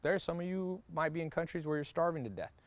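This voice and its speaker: A slightly high, animated male voice, recorded dry, belongs to a business mentor running a motivational workshop. Brash and foul-mouthed, he keeps his sentences punchy and short, tossing in quick asides where he plays the people he's quoting.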